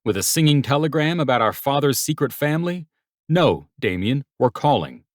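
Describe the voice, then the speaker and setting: A pushy adult brother talks bluntly and insistently in an audiobook, as a man reads him. The voice sits a little higher and louder than the reader's own. The recording is dry and close. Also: big pitch swings, moderate pace, no echo, natural voice. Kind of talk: audiobook character voice.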